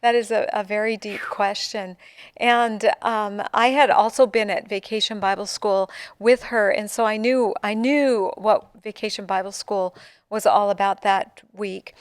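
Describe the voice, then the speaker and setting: An older woman co-hosting a church ministry talk show, telling stories warmly with easy laughter. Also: mid-range voice, steady tone, measured pace, clear, resonant tone, dry recording. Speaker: co-host. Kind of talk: conversational church podcast.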